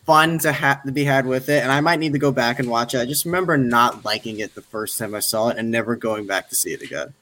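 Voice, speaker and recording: A man appearing as a guest on a podcast, giving measured, diplomatic opinions on films. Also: medium pitch, bright, forceful tone. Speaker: guest film critic. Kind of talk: casual chat.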